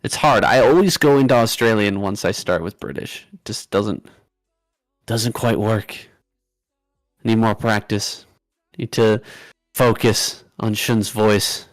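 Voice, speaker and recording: A man's voice: fairly low pitch, slow, dry recording. A man casting games, chatting in an easygoing, self-mocking way. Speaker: game caster. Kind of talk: casual chat during a stream.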